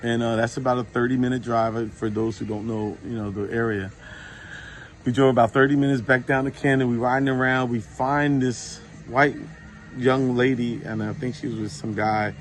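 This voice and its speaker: A man casually telling true faith stories, informal and lively when he retells what people said. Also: mid-range voice, normal speed. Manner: informal, animated when retelling dialogue, many fillers. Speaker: Christian storyteller. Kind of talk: casual testimony to a phone camera.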